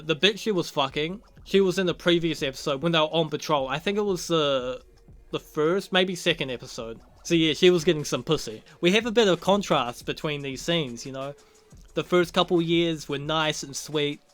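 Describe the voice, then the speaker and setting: Bright-voiced, profane young-sounding male reviewer. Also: a little high, normal speed. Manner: profane, rambling, chuckling. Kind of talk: casual episode recap and review.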